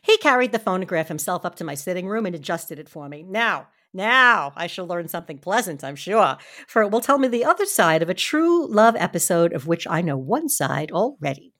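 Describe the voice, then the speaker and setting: A woman's voice: lowish voice, sing-song, brisk, hardly any pauses, fairly bright tone. A woman co-hosting a casual read-aloud podcast, slightly drunk, reading with sarcastic quips. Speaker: podcast co-host and reader.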